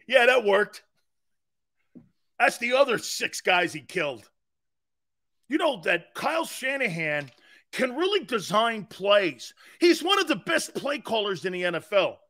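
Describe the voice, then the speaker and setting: A sports-talk man with a very high, bright voice who rants slowly, mocking and shouting in bursts. He laughs at his own jokes between quieter asides.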